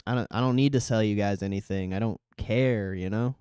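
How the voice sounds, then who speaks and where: Chill guy streaming, swearing and riffing with chat, clean smooth voice, dry close mic. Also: on the low side, moderate pace, no echo. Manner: relaxed, profane, reading chat aloud. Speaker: livestream host. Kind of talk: casual live stream chat.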